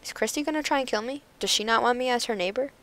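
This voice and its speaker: Jokey woman gamer, smooth voice. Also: a little high, very fast, fairly bright tone, poor audio. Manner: jokey, laughs a lot, dramatic asides. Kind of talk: let's play commentary and reading.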